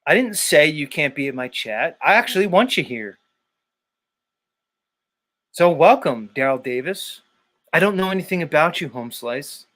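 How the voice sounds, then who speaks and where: A man's voice: a little high, very animated, normal speed, long pauses, fairly bright tone. A man hosting a livestream, ranting in a heated, profane way at his chat and repeating people's names. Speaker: livestream host. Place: dark room.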